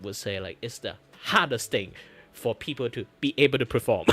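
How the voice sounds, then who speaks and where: A man from Malaysia with a Malaysian English accent touched by Scottish vowels, chatting casually as a streamer in a relaxed, rambling way. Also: on the low side, a little fast, faint music behind. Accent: Malaysian English with slight Scottish influence. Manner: rambling, relaxed, lots of fillers. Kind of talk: casual chat.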